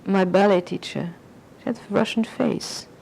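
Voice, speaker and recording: A woman's voice: medium pitch, moderate pace, creaky, a little mellow, husky, low-quality recording. An older woman being interviewed, reminiscing in a rambling way and slipping into French phrases. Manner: rambling, anecdotal, slips into French.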